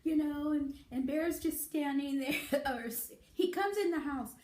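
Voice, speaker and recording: A woman's voice: high voice, measured pace, a little mellow. A woman vlogger casually telling a childhood story, laughing often as she talks. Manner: giggly, laughing through the story. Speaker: beauty vlogger. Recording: echoey room.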